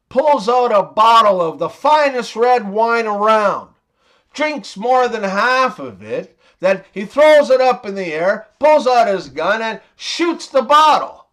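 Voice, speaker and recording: A man in his forties narrating a string of jokes in an unhurried way. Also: high-pitched, a bit bright. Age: 40s. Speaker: joke teller. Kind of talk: narrated joke compilation.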